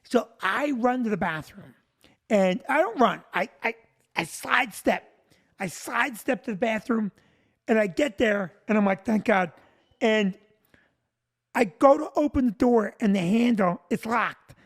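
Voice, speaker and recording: Comedian guy telling a wild story, kinda high voice, jumps all over the place, yells the punchlines. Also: measured pace. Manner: animated, bursts into shouted punchlines. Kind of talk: comic storytelling.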